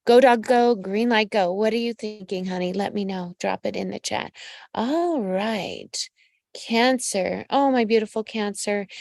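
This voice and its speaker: A woman psychic medium hosts a live reading in a fairly high voice, recorded close and dry with no room sound. She coaches listeners directly and keeps calling them honey and darling. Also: dry recording. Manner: affectionate, calls listeners pet names. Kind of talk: live-streamed astrology reading.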